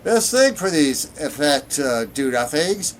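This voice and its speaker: A man's voice: a little high, sing-song, slow, a little hiss or hum, voice pushed up. A man voicing a scornful male Nord diplomat with a put-on Nord accent and a blustering, contemptuous manner.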